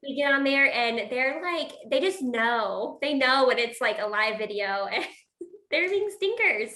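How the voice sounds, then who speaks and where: A bright-voiced woman chats casually as a guest, giggling often and scattering "like" through her sentences. Her voice rings in a roomy, echoey space, pitched a little high. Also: animated, measured pace. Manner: chatty, laughs often, many filler "like"s. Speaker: guest photographer. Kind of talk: casual chat.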